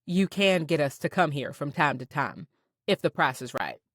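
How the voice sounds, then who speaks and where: A woman voicing a relaxed, friendly Texan man with a light Texas drawl in an audiobook. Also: sits low, normal speed, no echo, clean studio sound. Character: easygoing Texan male contractor, adult. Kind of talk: audiobook character reading.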